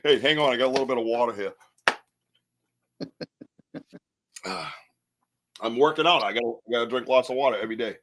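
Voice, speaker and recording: A man's voice: medium pitch, fairly quick, pauses often. A man hosting a live podcast, chatting casually in a rambling, joking way and laughing often. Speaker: podcast host.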